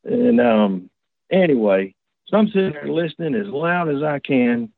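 A man's voice: mid-range voice, lively intonation, normal speed, vocal fry. Man rambling over a tinny phone. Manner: rambling, folksy, with many restarts. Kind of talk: casual first-person storytelling. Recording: tinny dry phone line.

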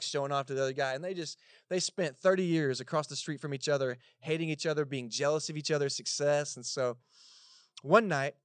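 Texan male pastor, conversational sermon delivery, slightly high voice, dry close sound. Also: no room sound. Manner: casual conversational preaching with asides. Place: church service in a cinema auditorium.

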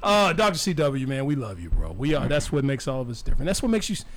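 A man's voice: medium pitch, big pitch swings, quick pace, slight background noise. A man hosting a casual talk show, teasing his co-hosts and laughing often. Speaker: host.

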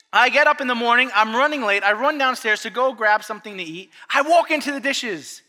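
A man in his thirties preaching a sermon as a pastor, telling a family story in an animated way and acting out the voices. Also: very high voice, brisk, hardly any pauses. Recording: long echo of a large hall.

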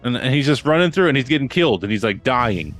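A man's voice: medium pitch, big pitch swings, quick pace, fairly bright tone, soft background music. A man and father on a podcast, chatting casually and rambling with lots of fillers and restarts. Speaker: podcast co-host. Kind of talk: casual chat.

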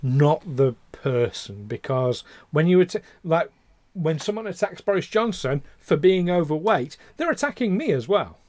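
Male podcast co-host, slightly high voice, rambling and heated delivery, dry recording. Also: sing-song, moderate pace, a little mellow, no room sound. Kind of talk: casual chat.

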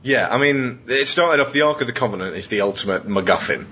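A man's voice: lively intonation, pushed and bright. A man hosting a casual podcast chat, reading out film clichés and joking, swearing and laughing often. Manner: sweary, jokey, laughs often, does quick silly voices. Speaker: podcast host. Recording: dull lo-fi podcast audio with faint rumble.

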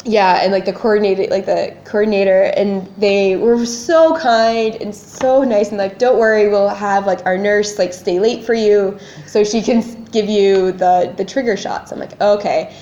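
Animated woman telling a story, echoey. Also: mid-range voice, moderate pace. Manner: animated storyteller, acts out her panic. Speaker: podcast co-host. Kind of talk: casual chat. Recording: echoey room, dull lo-fi sound.

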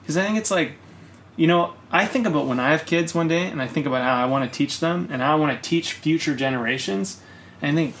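Podcast dude ranting and cussing, kinda high voice, bit of room hiss. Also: male voice, fast talker. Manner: ranting, swears often, builds to loud bursts. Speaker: podcast co-host. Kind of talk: casual podcast chat.

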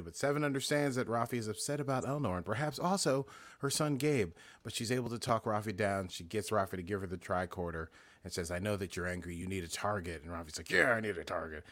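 A low-pitched American man talks through a story in loose, casual podcast chat. He stumbles and restarts often, piling on filler words. The sound is close and dry. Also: fast, a bit bright, no echo. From United States. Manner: rambling, lots of filler and restarts. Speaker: podcast co-host.

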